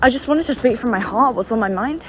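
A woman's voice: fairly high pitch, expressive, quick pace, a little hiss or hum. A young woman business coach giving an unscripted motivational talk, enthusiastic, a little out of breath, repeating words for emphasis. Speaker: business coach and company founder.

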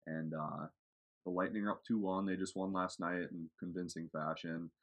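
A man's voice: low voice, steady tone, moderate pace. A man hosting a casual sports podcast, talking in a laid-back, rambling way with plenty of fillers. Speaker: podcast host.

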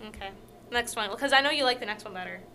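Woman co-host, very bright, playful, teasing banter. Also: on the high side, quick pace, slight background noise. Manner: playful, teasing, echoes her partner's words. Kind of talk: casual chat.

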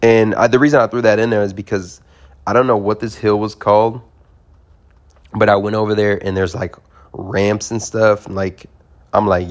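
A man's voice: lowish voice, fairly even intonation, moderate pace. A young man casually telling a rambling, profane story as a podcast host, often laughing and circling back on himself.

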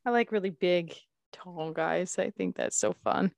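A woman's voice: fairly low pitch, unhurried, gravelly, no room sound, studio quality. A woman co-hosting a podcast in casual chat, giggly and rambling, swearing freely. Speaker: podcast co-host.

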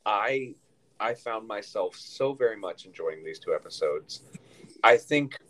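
Chatty low-voiced man co-hosting a podcast. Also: expressive, unhurried, a bit bright, poor audio. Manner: rambling, chatty, lots of fillers and restarts. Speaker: podcast co-host. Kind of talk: casual podcast chat.

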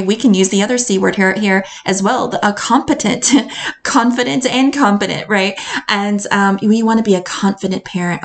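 Upbeat American woman podcasting. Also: medium pitch. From North Carolina, USA. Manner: upbeat and enthusiastic, laughs often. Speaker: confidence coach and podcast host. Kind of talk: solo podcast monologue.

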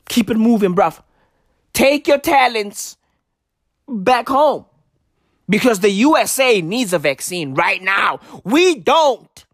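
Woman comic from South Africa, sarcastic slang-heavy rant, unhurried delivery, slightly high voice. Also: fairly bright tone, no echo, clean studio sound. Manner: mock-serious, heavy street slang, profanity.

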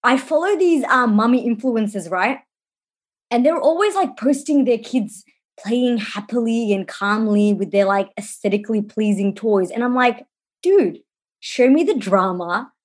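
A woman, co-hosting a casual podcast and telling animated stories with casual swearing. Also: fairly high pitch, normal speed. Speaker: podcast co-host. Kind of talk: casual chat.

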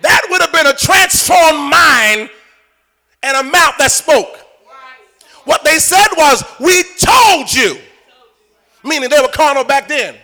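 A man preaching as a pastor, shouting and singing out phrases and acting out the voices of the people in his text. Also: very high-pitched, animated, slow, pauses often. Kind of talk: sermon.

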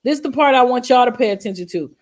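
A woman talks through reaction commentary in a somewhat high voice. She sounds outraged and emphatic and swears a lot. Her pitch swings widely as she stresses her words. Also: lively intonation, quick pace.

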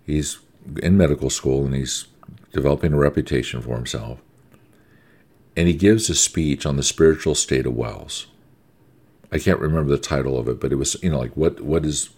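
A man's voice: very deep voice, a little mellow, slightly rough. A middle-aged American man preaching a sermon, conversational and emphatic, repeating key words for stress.

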